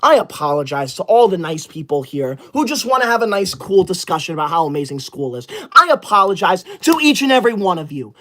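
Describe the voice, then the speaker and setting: A man's voice: high-pitched, very animated, fairly quick, few pauses, sharp tone, exaggerated voice. A man playing a self-righteous teacher's-pet livestreamer in a comedy skit, scolding his viewers indignantly. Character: smug young male teacher's-pet streamer, bossy. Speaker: livestreamer character.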